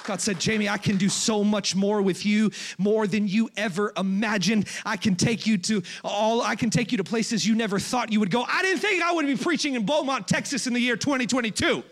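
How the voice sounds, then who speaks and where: Man, guest preacher, high voice, sermon, comic asides, shouted crescendos. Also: brisk, hardly any pauses. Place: church.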